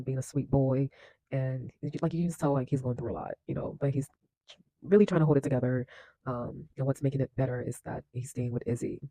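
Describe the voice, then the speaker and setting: A man's voice: medium pitch, mellow, no room sound, rough recording. A man recapping and commenting on a film in a casual, chatty way, laughing often and leaning on fillers. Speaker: film reaction host.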